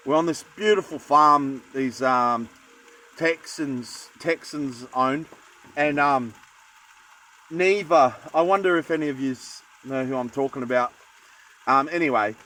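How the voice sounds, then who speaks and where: A man's voice: on the high side, a bit bright, low-quality recording. A young Australian man chatting casually while cooking in a van, rambling with jokey asides. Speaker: cooking vlogger. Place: van kitchen.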